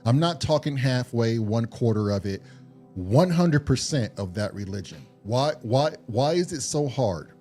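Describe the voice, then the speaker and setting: A man talks bluntly in casual podcast chat, asking pointed questions and swearing. His voice sits at a middle pitch but rises and falls widely. Faint music plays in the background. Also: expressive, measured pace, warm tone. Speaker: podcast co-host.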